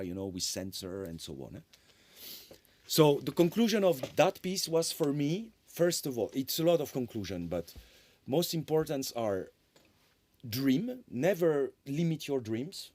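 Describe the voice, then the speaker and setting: A man giving a conference lecture as a composer, talking in an animated way, often tagging sentences with "eh?" and restarting phrases. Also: medium pitch, no room sound. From France. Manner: animated, tag questions "eh?", frequent restarts.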